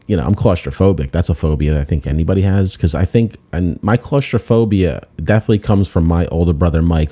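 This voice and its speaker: A man's voice: sits low, warm tone. A man, a comedian hosting his own podcast, telling a rambling, self-deprecating story with lots of restarts. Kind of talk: casual storytelling monologue.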